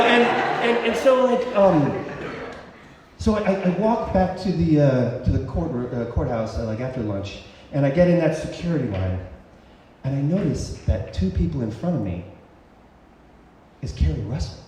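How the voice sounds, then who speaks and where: A man's voice: high voice, normal speed, darkish tone, a little hiss or hum. A man in his thirties telling a personal story live on stage, rambling and stammering with lots of fillers. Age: 30s. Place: stage at a cultural center. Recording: echoey hall from a distant mic.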